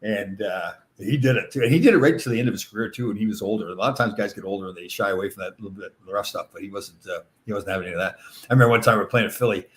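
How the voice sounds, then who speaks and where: A man's voice: on the low side, rapid-fire. A middle-aged man hosting a podcast, chatting casually and answering listener questions, rambling with lots of fillers and laughing often. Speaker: podcast host.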